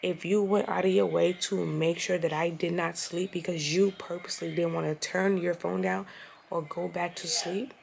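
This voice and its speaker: With a gravelly voice on the low side and a normal pace, a young woman vents through a casual storytime at home. She's a vlogger, exasperated and cursing, retelling things animatedly, with slight background noise.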